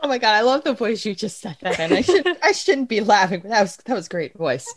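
A woman's voice: medium pitch, big pitch swings, brisk. A woman co-hosting a casual sports podcast, chatty, groaning often and restarting her sentences. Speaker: podcast co-host.

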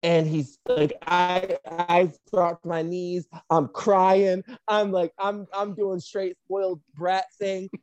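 Woman wrestler, casual profane storyteller, animated delivery, dry close sound. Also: lowish voice, takes it slowly, few pauses, dry recording. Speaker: professional wrestler.

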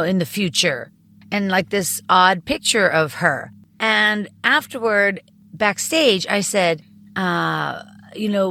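A woman comedian as a podcast guest, telling candid stories in lively, casual conversation. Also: mid-range voice. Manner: animated storyteller, candid. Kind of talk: casual interview chat.

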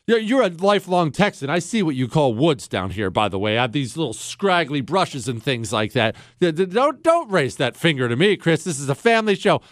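A man's voice: on the high side, big pitch swings, a little fast, hardly any pauses, no echo, studio quality. A man from the Pittsburgh area with a Pittsburgh accent, hosting a radio talk show in a sarcastic, joking way. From Ohio, near Pittsburgh.

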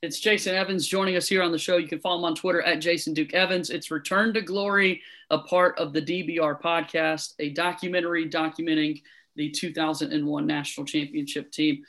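A man's voice: on the high side, fairly even intonation, a little fast, pushed and bright. A man hosting a podcast interview, thanking and promoting his guest in a friendly way. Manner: friendly, appreciative wrap-up of a guest. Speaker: podcast host.

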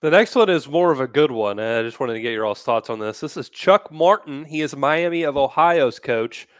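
A man introducing the next clip on a sports chat show in a brisk, matter-of-fact way. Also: mid-range voice, lively intonation, no room sound.

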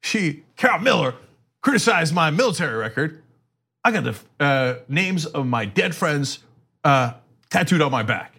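A middle-aged man co-hosting a casual political chat, animated and acting out quotes. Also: a little high, normal speed, creaky, husky. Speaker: co-host.

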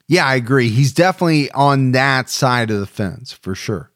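A man hosting a podcast, talking in an emphatic, animated way. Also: medium pitch, moderate pace, no echo, clean studio sound. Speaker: podcast host. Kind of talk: casual podcast discussion.

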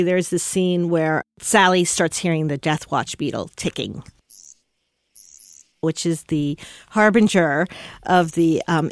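A widow telling a heartfelt personal story about grief, pausing often. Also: female voice, low-pitched.

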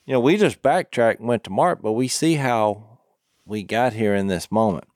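A man's voice: lowish voice, normal speed, darkish tone, dry recording. Earnest man reading scripture, dry mic. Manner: earnest, reads scripture aloud in between remarks. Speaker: co-host of a Bible discussion podcast. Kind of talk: casual Bible study chat, reading verses.

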